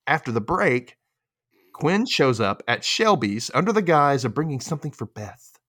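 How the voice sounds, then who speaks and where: A man's voice: medium pitch, big pitch swings, normal speed, fairly bright tone, breathy edge. A man hosting a casual recap podcast, a little tipsy, swearing freely and laughing often. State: tipsy from drinking. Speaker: podcast host.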